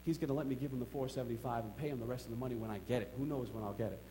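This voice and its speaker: A middle-aged man preaching a sermon in a church, telling a personal story with emphatic swings between quiet asides and excited outbursts. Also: medium pitch, very fast, slight background noise. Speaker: pastor.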